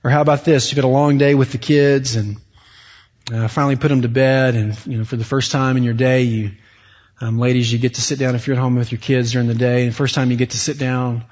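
A man preaching a sermon, moving from hushed, slow passages to loud, high-pitched bursts when acting out people's inner thoughts. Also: flat delivery. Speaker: pastor. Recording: dull lo-fi sound with long hall reverb.

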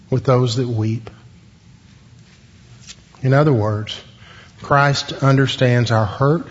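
A man preaching a sermon, asking the congregation questions and pausing for emphasis. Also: medium pitch. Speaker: pastor. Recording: dull sound with long hall reverb.

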